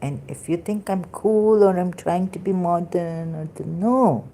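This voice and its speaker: Slow, low-voiced woman reading aloud. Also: dark tone. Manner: slow, halting reading with asides and fillers. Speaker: religious commentary channel host.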